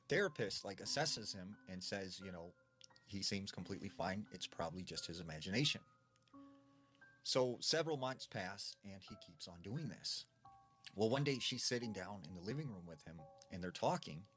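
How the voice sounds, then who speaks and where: A man's voice: on the low side, a bit bright. A man telling a ghost story in a casual, conversational way, full of fillers.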